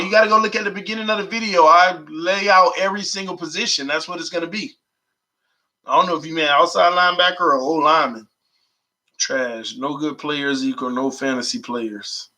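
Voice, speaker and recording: A man hosting a sports fan channel, chatting casually and excitedly with his viewers and reading their comments aloud. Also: on the high side, fairly quick, low-quality recording. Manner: excited, informal, talks to viewers as y'all. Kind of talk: casual vlog chat reading live comments.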